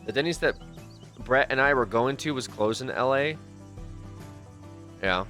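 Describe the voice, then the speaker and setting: A man's voice: mid-range voice, expressive, unhurried, pushed and bright, soft background music. A man livestreaming a game, talking loosely and jokingly to his chat, swearing and calling them dude. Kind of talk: casual gameplay stream chat.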